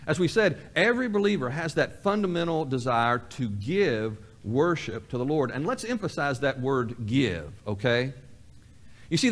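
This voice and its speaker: A male pastor delivering a sermon in a folksy way, repeating key phrases for emphasis and acting out imagined conversations. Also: medium pitch. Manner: acts out both sides of imagined dialogues. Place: church sanctuary.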